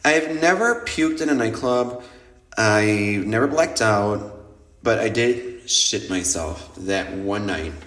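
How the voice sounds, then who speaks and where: A man hosting a podcast, telling nightlife stories in a lively, casual monologue that is full of swearing, and acting out what other people said. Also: lowish voice, slow pace. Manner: animated, swears freely, acts out quoted people. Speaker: podcast host. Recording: roomy echo.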